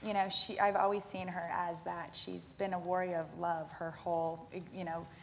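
Woman talking earnest and warm-ish, lowish voice, faint hiss behind. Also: little pitch movement, normal speed, vocal fry. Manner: earnest, restarts phrases. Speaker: cast member interviewee. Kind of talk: conversational interview.

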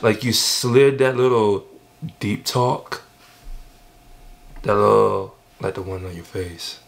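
Excited guy reacting to a track, slow draggy talk, kinda low and gravelly. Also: soft background music. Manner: excited, emphatic, repeats himself. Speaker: music reaction vlogger. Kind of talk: casual reaction commentary.

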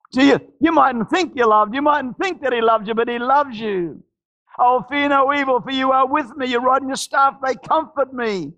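Fervent pastor, very high gravelly voice. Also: male voice, normal speed. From Australia. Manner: fervent, shouting praises and repeating phrases. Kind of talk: charismatic sermon. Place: church service.

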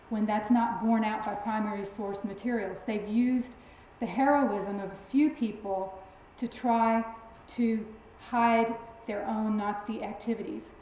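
A woman with a twang lectures to a hall full of students, with emphatic, friendly storytelling. Her voice is mellow and dark, and the sound rings with heavy reverb from the big room, with a faint hiss underneath. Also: medium pitch. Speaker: guest lecturer. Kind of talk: public lecture. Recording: very echoey hall recording.

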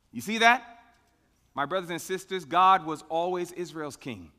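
A man's voice: high voice, lively intonation, unhurried, pushed and bright. Emphatic preacher man in a reverberant hall. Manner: emphatic, calls and answers his own questions, swells on key words. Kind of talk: sermon.

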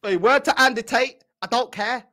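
A woman's voice: on the high side, normal speed, pushed and bright. A woman with a London accent hosting a fan channel, teasing and chatting casually in heavy slang, constantly asking whether the listener gets it. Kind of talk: casual reaction commentary.

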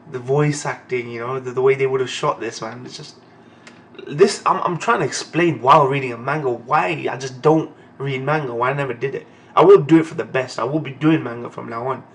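A man's voice: mid-range voice, a little fast. A young man giving a live reaction to reading manga, talking emotionally and swearing freely, ending phrases with "man". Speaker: anime and manga reaction host.

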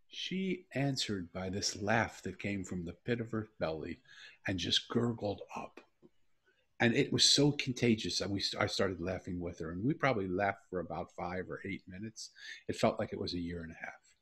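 A middle-aged man hosts an interview, his voice sitting low with a husky, breathy edge. He talks in an earnest, reflective way, settling into long personal stories. His tone is sincere and unhurried. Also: expressive, sharp tone. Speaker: podcast host. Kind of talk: heartfelt interview talk.

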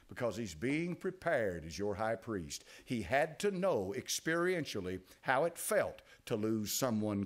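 An older male pastor with an East Tennessee accent delivers a sermon. His pitch swoops widely as he moves from hushed asides to loud, dramatic exclamations. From United States. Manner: dramatic preaching, dropping to low quiet asides and rising to loud exclamations.

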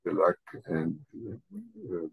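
A man leads a slow, careful language lesson. He spells each word out letter by letter and repeats it patiently. His voice is slightly husky. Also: low-pitched, completely flat delivery, narrow, tinny audio. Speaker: language teacher.

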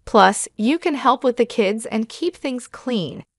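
Brief: woman reading a cool, condescending husband, flat, dry sound. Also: a little high, measured pace, dry recording. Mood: curt. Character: dismissive calm man, the narrator's husband.

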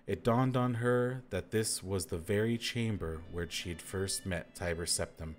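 A man's voice: lowish voice, expressive, moderate pace, hardly any pauses, soft background music. A man hosting a podcast, reading a book aloud and breaking off for dry, wry asides. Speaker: reader and podcast host.

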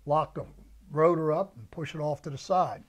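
Older male veteran, somewhat high voice, storyteller who acts out his old sergeants' orders. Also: normal speed. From United States. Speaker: veteran interviewee. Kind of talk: oral history recollection.

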